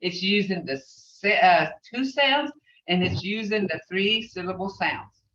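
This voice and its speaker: A patient woman teacher talks at a very unhurried pace, sounding each word out letter by letter and repeating it. She sits far from the mic in an echoey room. The sound is dull and carries a faint hiss. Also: medium pitch, a bit bright. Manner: spells out sounds letter by letter, repeats words slowly. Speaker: language teacher. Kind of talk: slow, patient classroom teaching. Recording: far, roomy, dull, faintly noisy classroom recording.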